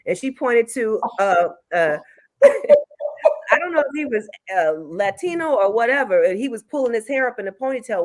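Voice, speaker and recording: A woman telling a story animatedly in casual talk-show chat, acting out what people said. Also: on the high side. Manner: animated storyteller, acts out quotes.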